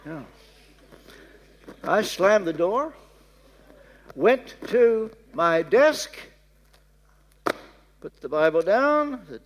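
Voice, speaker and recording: Older male preacher, Kentucky accent, storytelling sermon, high and lively voice. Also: drawn-out words, long pauses. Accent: Southern American, Kentucky. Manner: storytelling, dropping to soft hushed tones for prayers. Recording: reverberant hall.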